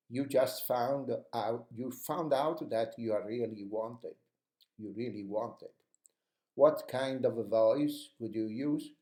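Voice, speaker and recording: A man teaches how to speak English with energy, offering encouraging advice in a coaching tone during an instructional lesson. His voice is medium-pitched and mellow, and the recording is reverberant.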